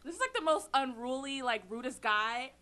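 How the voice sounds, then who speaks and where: Bright, giggly teenage girl telling stories. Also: high voice, moderate pace. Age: teens. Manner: animated storytelling, full of likes and giggles. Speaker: student radio co-host. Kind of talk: casual chat.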